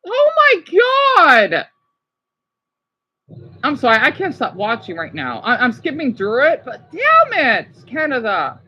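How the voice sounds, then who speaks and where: An excitable woman from the United States hosting a casual livestream, gushing as she reacts and often apologizing. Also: fairly high pitch, normal speed, hardly any pauses, slightly rough, highs cut off. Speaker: livestream host.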